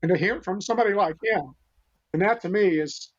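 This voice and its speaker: Older male guest, high-pitched, earnest and rambling; muffled lo-fi audio. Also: fast. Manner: earnest, rambling, many restarts. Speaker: guest, animal rescuer. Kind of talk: storytelling interview talk. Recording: dull lo-fi sound.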